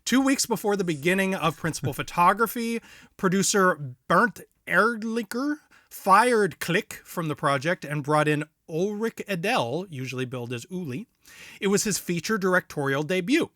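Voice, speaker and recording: A man's voice: sits high, expressive, normal speed, pushed and bright, no room sound, studio quality. A man hosting a film podcast, reading film history notes with jokes and frequent laughs. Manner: jokey, laughs often. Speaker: podcast host. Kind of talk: casual chat with read-out film notes.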